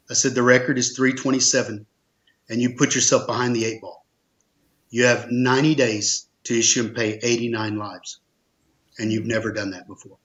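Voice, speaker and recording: A man's voice: mid-range voice, lo-fi sound. A man, an insurance agency owner, telling stories in a conversational interview, earnest and emphatic, repeating phrases for stress. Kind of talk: conversational storytelling.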